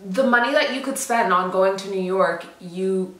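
A woman's voice: mid-range voice, moderate pace. A woman, chatting casually as a vlog co-host in a frank, teasing way. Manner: frank, teasing, talks things through. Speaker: vlogger co-host. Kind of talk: casual chat. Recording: roomy sound, mic at a distance.

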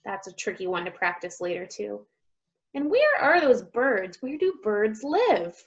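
A woman speech teacher reading a picture book aloud to young children, sounding out words slowly and with exaggeration. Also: medium pitch, very animated, muffled recording.

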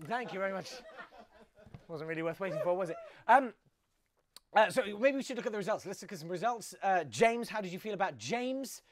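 A man's voice: sits high, animated, brisk, faint music behind. A man hosting a solo live comedy webcast, talking in a wry, rambling way with many fillers and restarts. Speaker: host.

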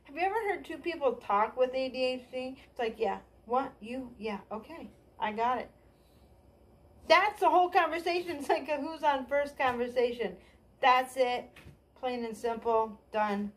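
A woman's voice: high-pitched, moderate pace. A woman doing a stand-up comedy monologue. She rambles, pokes fun at herself, and keeps trailing off and restarting. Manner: scattered, self-deprecating, trailing off and restarting. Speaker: stand-up comic.

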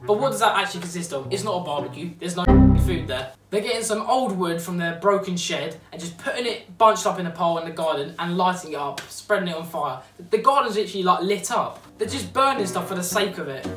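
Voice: mid-range voice, fast, hardly any pauses. A vlogger delivering a sarcastic, exasperated comedic rant to camera, rambling and full of fillers. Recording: roomy, distant mic, music behind.

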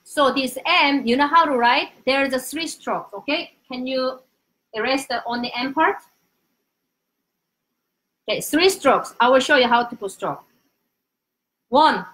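A young woman with a Korean accent leads a casual live-streamed Korean lesson in a high voice. She is animated and drills each word over and over for pronunciation. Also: unhurried, long pauses. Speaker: Korean language teacher.

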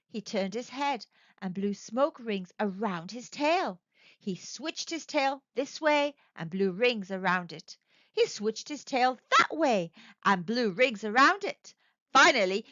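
A woman narrating a children's story aloud in an expressive, sing-song way. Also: fairly high pitch, no room sound, muffled recording.

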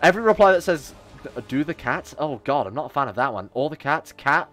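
A man narrates his live gameplay stream casually and animatedly, joking, swearing freely and replying to his chat as he plays. His voice is on the high side and brisk, with faint music underneath.

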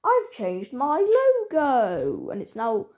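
A woman chatting casually to her channel's viewers, rambling and halting with many restarts. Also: on the high side, huge pitch swings, a little mellow. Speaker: channel owner. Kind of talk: casual vlog chat.

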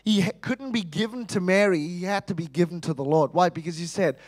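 A man preaching a sermon in church, animated, asking rhetorical questions and acting out quotes. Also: sits high, brisk.

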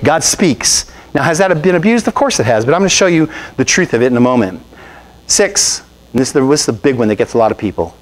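Animated preaching man. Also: medium pitch, fast, rough recording. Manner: animated, conversational preaching with asides and rhetorical questions; quotes scripture and acts out other people's remarks. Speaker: pastor. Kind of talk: sermon at a Bible study.

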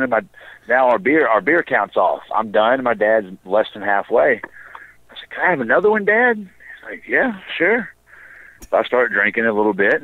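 Male wrestler guest, casual storyteller with a deadpan, sarcastic streak; dry, phone-like sound. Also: lowish voice, dry recording. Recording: dry tinny phone line.

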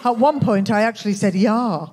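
A woman with a Birmingham accent performing a stand-up comedy set in a club, with a dry, deadpan, self-mocking delivery. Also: a little high, normal speed, background noise. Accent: Birmingham English. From England. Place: comedy club with live audience.

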